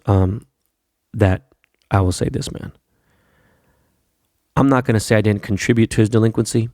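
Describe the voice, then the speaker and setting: A man's voice: on the low side, a little mellow, dry recording, studio quality. A man hosting a podcast, telling a long, profane, rambling anecdote full of fillers. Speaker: podcast host. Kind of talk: casual storytelling monologue.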